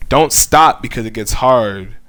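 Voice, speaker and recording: A man's voice: medium pitch, unhurried, fairly bright tone. Earnest young man giving a faith testimony. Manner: earnest, heartfelt, conversational with frequent fillers. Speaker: YouTuber sharing his faith. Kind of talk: personal faith testimony to camera.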